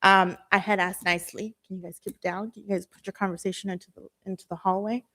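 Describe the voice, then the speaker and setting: Young woman, Southern Californian accent, nervous, emotional, halting speech, public comment at a city meeting. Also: mid-range voice, fairly even intonation, bright, forceful tone.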